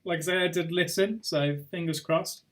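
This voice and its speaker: A man's voice: a little high, steady tone, normal speed, slight background noise. A young man hosting a live online pub quiz, chatty and rambling between questions. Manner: chatty and rambling, drifting off topic with chuckles. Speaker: quiz host.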